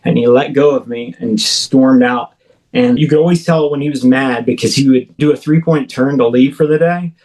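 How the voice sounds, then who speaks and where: A man's voice: mid-range voice, moderate pace, darkish tone, rough recording. A man in his thirties, an interview guest, telling a personal story vividly, with frequent halts and restarts. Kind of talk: recounting a personal experience in an interview.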